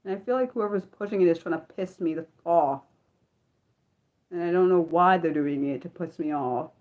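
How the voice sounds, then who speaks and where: A young woman hosts an unscripted livestream, rambling along with plenty of filler words. Her voice is on the low side, fairly quick and darkish in tone.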